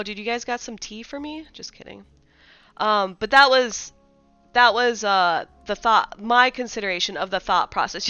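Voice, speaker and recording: Chatty bright-voiced woman streamer. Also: medium pitch, smooth, dry recording, highs cut off. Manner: chatty, greets chat mid-sentence. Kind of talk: casual live-stream chat.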